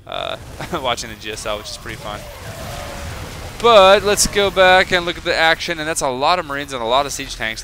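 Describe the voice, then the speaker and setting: An excitable young man talks his way through a strategy game match in a loose, rambling commentary full of ums and asides. His voice is bright and forward, with a faint hiss of noise under it. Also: medium pitch. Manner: chatty, excitable, rambling with many fillers. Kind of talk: casual solo video game commentary.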